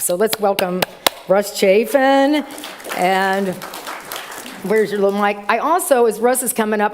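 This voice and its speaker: A woman's voice: medium pitch, a little mellow. Middle-aged woman minister, chatty storytelling sermon in church, does little voices for people. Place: church sanctuary.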